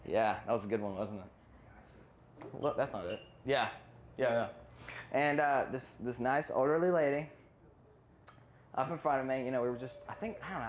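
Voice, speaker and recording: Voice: mid-range voice, slight background noise. A stand-up comedian who rambles through a routine, often losing their place and cutting in on themselves. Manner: rambling, loses place and self-interrupts.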